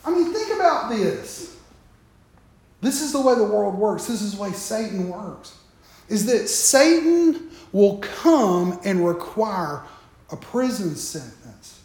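A man's voice: high-pitched, sing-song, slow, darkish tone, very echoey. A man preaching a sermon, talking straight to the congregation with joking asides.

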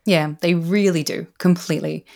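A woman's voice: lowish voice, fairly even intonation, moderate pace, vocal fry, darkish tone. This is a woman researcher appearing as a podcast guest. She explains ideas in an earnest, conversational way. She often adds "you know" as she talks. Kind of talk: casual conversational interview.

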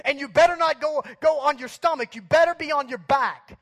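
A man's voice: extremely high pitch, a little fast, fairly bright tone, pitched above the performer's own voice. A man playing a power-tripping male lifeguard who barks orders like a drill sergeant. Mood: barking orders. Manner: barking commands like a drill sergeant.

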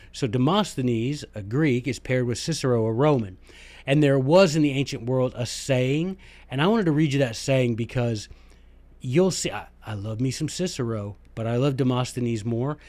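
A man hosting a podcast, talking excitedly in a casual monologue with quick restarts and emphatic asides. His voice sits at a middle pitch. The recording is dry and close, with no room sound. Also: dry recording. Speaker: podcast host and former teacher.

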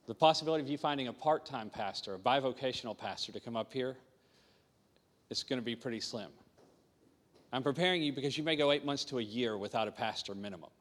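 Earnest pastor in a reverberant hall. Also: male voice, medium pitch. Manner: earnest, storytelling, repeats key lines. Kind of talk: sermon testimony.

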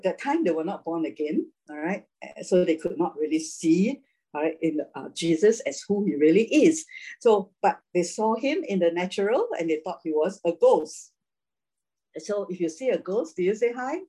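A woman's voice: fairly low pitch, animated, a little slow, warm tone, breathy edge, low-quality recording. A woman teaching a casual Bible class, chatty, laughing often and checking in with "right?".

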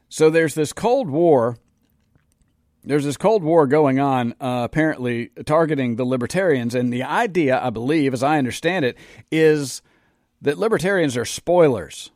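A man's voice: fairly high pitch, expressive, moderate pace, a little mellow, no room sound. A middle-aged man with a sarcastic, emphatic manner, delivering an opinionated monologue in a studio as host. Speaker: political commentary host.

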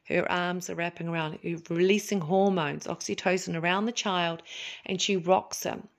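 A woman hosting a spiritual talk, speaking in a gentle, slow, soothing way and now and then acting out little voices to make her point. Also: on the low side, fairly even intonation, gravelly. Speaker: podcast host.

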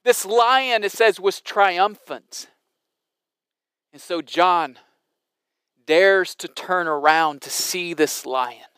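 A man's voice: high-pitched, takes it slowly, long pauses, sharp tone, smooth, no room sound, clean studio sound. A man preaching a sermon in an emphatic, dramatic way, with frequent restarts. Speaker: pastor.

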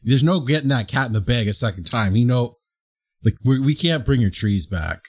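A man's voice: medium pitch, expressive, moderate pace, slightly rough. A man playing in a tabletop game, rambling and hesitant. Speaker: player. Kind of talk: casual tabletop game chat.

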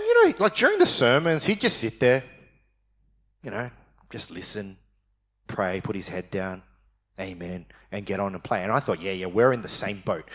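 A man with a fairly high, gravelly voice delivers a sermon testimony, animatedly recounting a personal story and impersonating his younger self. When things turn tender, he grows quiet and slows down.

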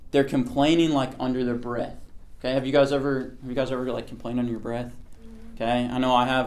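A man's voice: medium pitch, a little mellow. A man teaching a casual Bible lesson to a group. He talks conversationally and keeps checking in with his listeners.

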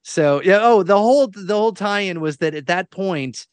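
A male podcast co-host tells a loose, meandering story and pokes fun at himself along the way. His voice sits somewhat high. The sound is dry and close. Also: lively intonation, normal speed, clean tone, no echo. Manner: rambling, self-deprecating storyteller who laughs often. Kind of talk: casual chat, storytelling.

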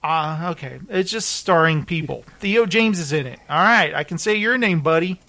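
A man's voice: on the high side, animated, normal speed, sharp tone. A man hosting a casual chat who jokes around, reads film blurbs and stumbles over names. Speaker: host.

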